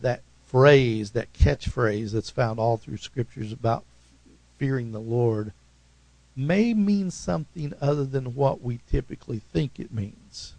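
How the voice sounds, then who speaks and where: Man, Oklahoma accent, pastor preaching a sermon, emphatic and conversational, gravelly voice, dry close sound. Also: dry recording, poor audio. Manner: emphatic, conversational preaching with sudden swings in pitch and loudness.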